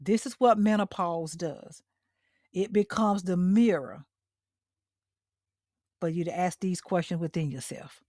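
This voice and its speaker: Middle-aged woman hosting a live motivational talk, slow and deliberate, says things twice, dry close sound. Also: on the low side, a little mellow, no echo. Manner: repeats key lines for emphasis, addresses listeners directly. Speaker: host.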